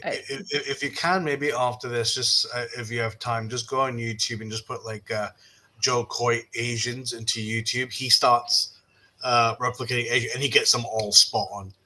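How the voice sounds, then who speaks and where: A man in casual conversation, telling relaxed anecdotes with lots of fillers and restarts. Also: mid-range voice, moderate pace, poor audio. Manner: relaxed storyteller, fillers and repeated starts. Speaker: podcast guest. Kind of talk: casual chat.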